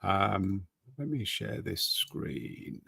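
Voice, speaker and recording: A man's voice: deep voice, expressive, very slow, creaky, sharp tone, slightly rough, dry recording, studio quality. A man giving casual, skeptical commentary on current events, often reading articles aloud and asking rhetorical questions. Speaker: political commentator.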